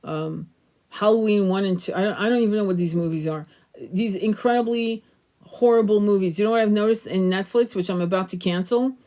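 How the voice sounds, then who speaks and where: A middle-aged woman hosting a tarot channel, talking in a rambling, emphatic way, swearing freely and acting out quotes in a higher voice. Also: brisk, mellow. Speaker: tarot reader and spiritual channel host. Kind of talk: casual spiritual monologue.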